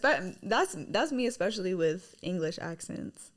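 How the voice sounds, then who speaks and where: A woman's voice: on the low side, sing-song, normal speed. A woman in her twenties, a guest on a casual podcast, talking chattily with lots of fillers and giggles. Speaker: guest, singer and model.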